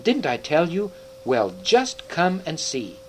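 Man voicing an excited talking beaver. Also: a little high, takes it slowly, a little hiss or hum, pitched above the performer's own voice, low-quality recording. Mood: delighted. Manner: eager, excitable shouting.

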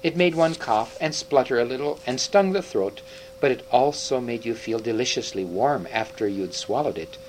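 A man reading a children's storybook aloud as narrator, in an expressive read-aloud manner. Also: mid-range voice, a little hiss or hum, poor audio.

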